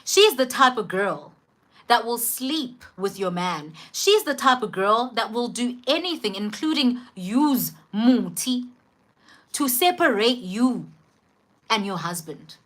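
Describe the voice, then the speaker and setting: Woman, South African accent, bright tone, fairly high pitch, casual storytime chat, slangy, greets viewers. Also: very animated, takes it slowly. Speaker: vlogger telling a personal story. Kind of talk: casual storytime live stream.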